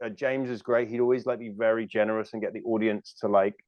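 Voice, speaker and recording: British comedian guest in his thirties, low voice, rambling self-deprecating banter, dry dull recording. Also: fairly even intonation, quick pace, dry recording. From United Kingdom. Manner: chatty and self-deprecating, many fillers and restarts. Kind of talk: casual interview chat.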